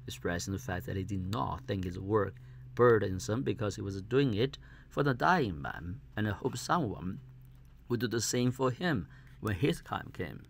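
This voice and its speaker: A man reading a classic novel aloud as an audiobook, halting and stumbling over words now and then. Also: fairly low pitch, creaky, slight background noise. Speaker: audiobook reader.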